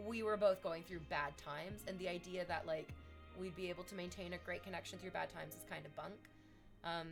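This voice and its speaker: A young adult woman, chatting casually on a stream, rambling and self-deprecating with loud outbursts. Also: medium pitch, creaky.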